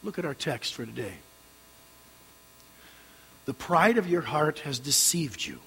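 An older man preaching a sermon as a pastor, animated and leading his congregation in call-and-response. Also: a little high, unhurried, gravelly, breathy edge. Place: church sanctuary. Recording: reverberant hall with mains hum.

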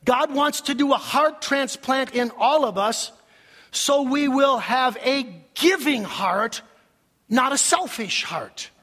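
Male pastor, husky, high-voiced, sermon in a reverberant church. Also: slow. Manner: animated preaching with acted-out quotes. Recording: long hall reverb.

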